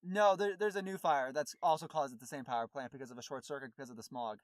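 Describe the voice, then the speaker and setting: A man's voice: mid-range voice, steady tone, fast talker, no room sound, studio quality. A man co-hosting a podcast, recapping a movie in a rambling, casual way with many fillers and restarts. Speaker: podcast co-host.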